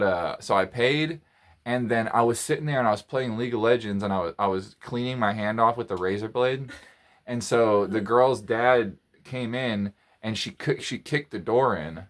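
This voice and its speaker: A man's voice: lowish voice, moderate pace. A man telling a story in a casual monologue, rambling, repeating phrases and restarting his sentences. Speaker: podcast host.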